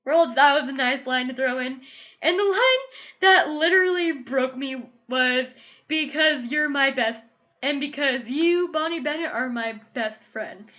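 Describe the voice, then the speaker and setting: A woman's voice: sits high, lively intonation, measured pace, pushed and bright, dull audio. A woman gushing casually through a TV episode review, emotional and full of "like" fillers. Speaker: TV show reviewer. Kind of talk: casual solo review vlog.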